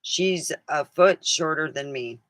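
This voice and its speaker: A woman's voice: sits low, slow, fairly bright tone, dry recording. A middle-aged woman vlogging in a casual, rambling chat, who laughs often and acts out the things people said.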